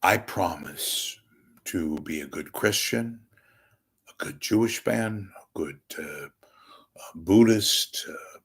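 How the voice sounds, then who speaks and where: Hoarse middle-aged man, low gravelly voice, slow wisecracking host pleading for donations. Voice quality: gravelly, crackling. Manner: wisecracking, self-deprecating, swings from loud to hushed. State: hoarse, congested voice. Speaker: podcast host asking for donations. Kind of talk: rambling comic monologue.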